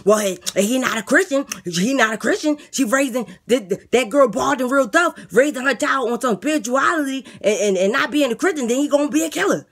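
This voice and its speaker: A woman voicing a delusional, boastful male inmate blogger who talks with a lisp, loud and defensive. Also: high-pitched, animated, a little fast, few pauses, voice pushed up. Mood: dismissive. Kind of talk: comedy skit character voice.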